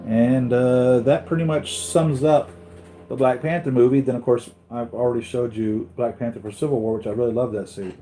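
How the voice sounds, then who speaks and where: A man's voice: mid-range voice, fairly even intonation, normal speed, mellow, faint music behind. A man hosting a casual live stream about collectible figures, rambling and thinking aloud as he answers viewer comments. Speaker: collectibles channel host.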